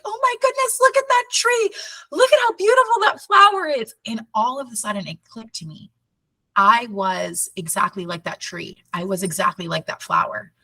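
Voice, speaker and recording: A woman guest on a podcast, telling a personal story in a lively, chatty way and laughing often. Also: medium pitch, no room sound, far from the mic, low-quality recording.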